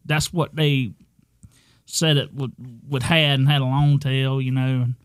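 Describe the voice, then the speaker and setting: An older man co-hosting a podcast, telling a story in a rambling, halting way and laughing often. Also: mid-range voice, fairly even intonation, clean tone, no room sound, studio quality. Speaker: podcast co-host. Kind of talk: casual chat.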